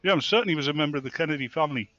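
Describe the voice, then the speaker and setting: A man's voice: fairly high pitch, very fast, pushed and bright, no echo, muffled recording. A man co-hosting a casual group podcast, telling jokes and groping for words. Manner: tells jokes, fumbles for words.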